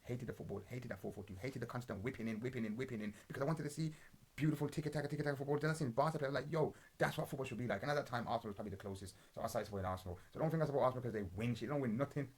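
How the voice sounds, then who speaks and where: A young man talks fast and in a husky voice as he rattles through match reactions. His football banter is blunt and rambling, heavy with slang and swearing. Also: medium pitch. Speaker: podcast host. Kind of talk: casual football watch-along commentary.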